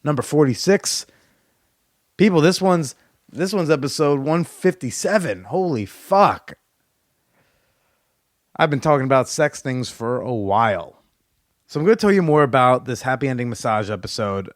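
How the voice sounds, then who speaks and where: A man's voice: medium pitch, expressive, normal speed, long pauses, no echo. Man, podcast host, frank, profane, rambling storyteller, dry close recording. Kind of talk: candid solo storytelling.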